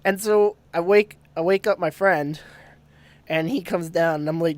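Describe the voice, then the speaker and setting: A man's voice: fairly high pitch, a little slow. A man telling a ghost story on a podcast, laughing often and swearing freely. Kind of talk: casual storytelling.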